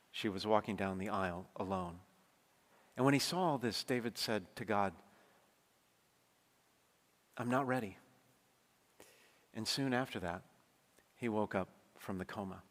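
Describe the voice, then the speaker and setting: A man's voice: medium pitch, fairly bright tone. A man, a priest, preaching a sermon in a conversational, emphatic way, speeding up when he stresses a point. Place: church. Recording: long church reverb.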